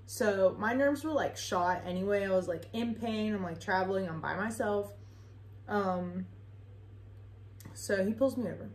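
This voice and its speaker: A young woman tells a story in a loose, chatty way, leaning on fillers and swearing without a second thought. Her pitch sits in an ordinary middle range. The room has a noticeable echo around her voice. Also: a little slow, a little hiss or hum. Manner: chatty, rambling, swears freely, filler-heavy. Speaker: vlogger. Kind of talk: casual storytime. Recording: echoey room.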